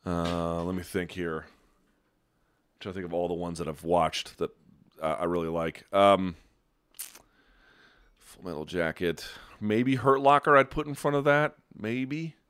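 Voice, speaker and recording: A man hosting a podcast, telling stories and chatting casually with a rambling, profane, animated delivery. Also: sits low, unhurried, long pauses, clean tone. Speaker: podcast host. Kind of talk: casual chat and storytelling.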